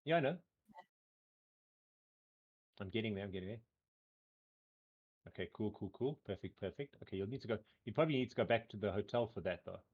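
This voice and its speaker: A man running a tabletop game as game master, narrating casually and often pausing on "um" and a repeated "cool". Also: lowish voice, animated, breathy edge, phone-quality sound. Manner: rambling, full of "um" and repeated "cool".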